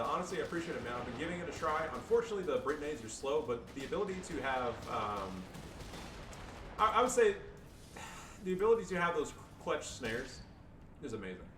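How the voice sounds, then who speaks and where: A man casually commentating his own strategy game match, joking and swearing loosely. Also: fairly high pitch. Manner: joking, loose, swears, fillers like "you know". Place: home room with family around. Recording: echoey room, far-off mic, background noise.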